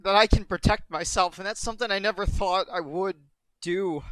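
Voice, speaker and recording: A man streaming from home, rambling in a halting, emotional way and close to tears, repeating himself as he searches for words. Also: high-pitched, fairly bright tone, clear, resonant tone, dry recording. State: tearful, on the verge of crying. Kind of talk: emotional live-stream monologue.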